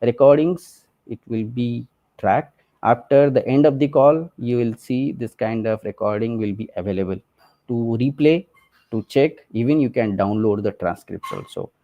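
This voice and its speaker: A man presenting a technical walkthrough of a software demo, speaking conversationally with many fillers and "okay" and "right?" checks. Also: medium pitch, normal speed, lo-fi sound.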